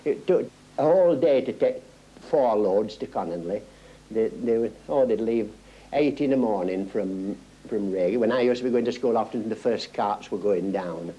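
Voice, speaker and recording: An older man with a Yorkshire accent, reminiscing in a halting way with many restarts. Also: lowish voice, animated, warm tone, husky. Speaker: local interviewee. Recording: dull lo-fi 1970s film sound.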